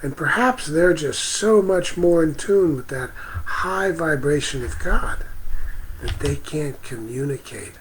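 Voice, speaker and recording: A man hosting a spiritual livestream outdoors, speaking gently and greeting viewers by name. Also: fairly high pitch, animated, slight background noise, rough recording. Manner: slow, gentle, reads out viewer comments. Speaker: livestream host. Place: outdoors near a parking lot.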